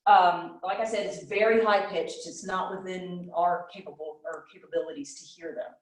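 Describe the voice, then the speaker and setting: A woman's voice: on the low side, normal speed. A woman teaching children about nature, asking questions and answering them herself. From Western North Carolina. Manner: animated, asks and answers her own questions. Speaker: children's nature program presenter. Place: library room. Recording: roomy echo, voice from a distance.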